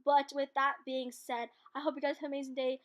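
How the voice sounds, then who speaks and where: A woman speaks fast in a high-pitched, flat delivery over her own cooking video, recorded at home through a computer microphone. The narration is chatty, rambling and self-deprecating, with frequent laughter.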